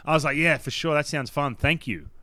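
A man's voice: fairly high pitch, fairly quick, a little hiss or hum. A man telling a story in casual chat, acting out the quotes. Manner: animated storyteller, acts out quotes loudly. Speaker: podcast guest telling a story.

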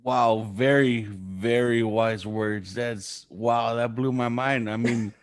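A man's voice: mid-range voice, takes it slowly, no room sound, studio quality. A man hosting a casual podcast, reacting with easy amazement and swearing casually as he tells his own stories. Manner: relaxed, easily impressed, swears casually. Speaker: podcast host.

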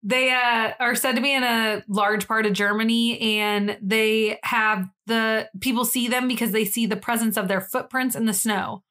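A young woman co-hosts a casual podcast chat. Her voice sits a little high, and she rambles and giggles as she talks. She swears now and then. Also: fairly even intonation, normal speed, hardly any pauses, sharp tone. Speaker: podcast co-host.

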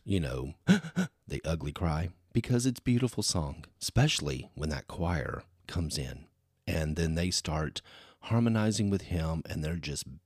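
A man's voice: low voice, a little mellow, breathy edge, no echo, clean studio sound. A man hosting a solo podcast, talking in a rambling, chatty way that is full of "you know". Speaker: podcast host. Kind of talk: casual solo podcast chat.

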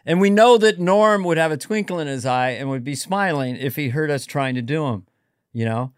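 Chatty comedian with a higher voice. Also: male voice, no room sound, studio quality. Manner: chatty, quick, drifts into voices. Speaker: guest comedian and impressionist. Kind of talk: casual chat.

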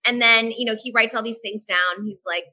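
A woman guest on a podcast, telling a personal story in a frank, animated way and acting out the dialogue. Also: on the high side, low-quality recording. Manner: animated, acts out dialogue in quick voices; frank, swears casually. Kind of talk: candid personal storytelling in a casual podcast chat.

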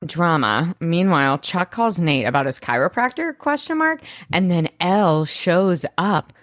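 A woman co-hosting a podcast, casually recapping a TV episode with gushing, animated reactions and free swearing. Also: on the low side, measured pace, no echo, studio quality. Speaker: podcast co-host.

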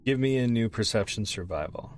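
Male game master, lower voice, calm and matter-of-fact, faint noise behind. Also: fairly quick. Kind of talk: tabletop game narration.

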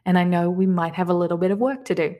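A woman with a somewhat low voice teaches manifestation. She guides listeners through affirmations in a calm, unhurried way and repeats each phrase slowly.

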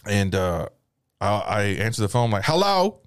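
A man's voice: fairly low pitch, normal speed, no echo, studio quality. Profane, rambling man telling a story. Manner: profane, rambling, laughs through lines. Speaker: podcast storyteller. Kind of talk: casual comedic storytelling.

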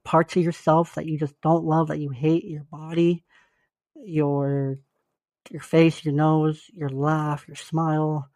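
A man's voice: a little high, little pitch movement, slow, darkish tone, no echo. A young man co-hosting a podcast, down with the flu, talking in an earnest, encouraging and loose way. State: sick with flu. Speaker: podcast co-host. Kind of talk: casual podcast chat.

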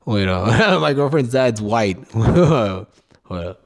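A young adult man hosting a solo comedy podcast, rambling and swearing, leaping into mocking high notes as he riffs. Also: expressive, slow pace. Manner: profane, rambling, jumps between topics; mocking sing-song jumps up in pitch. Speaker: podcast host.

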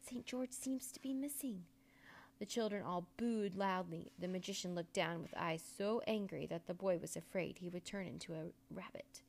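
Gravelly-voiced woman reading a storybook. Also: lowish voice. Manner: expressive, measured storytelling. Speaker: narrator.

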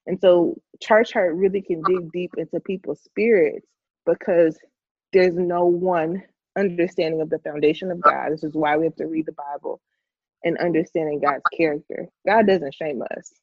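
A woman's voice: fairly low pitch, fairly even intonation, moderate pace, slightly rough, no room sound, lo-fi sound. A woman co-hosting a faith podcast, talking casually with preacherly emphasis. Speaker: podcast co-host.

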